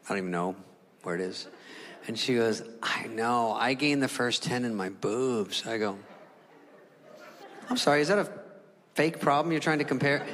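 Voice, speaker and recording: A man telling a stand-up comedy story, acting out the people in it with big jumps in his voice. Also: background noise. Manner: animated, acts out characters with big pitch jumps. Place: comedy venue stage. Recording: live room with long reverb and loud crowd.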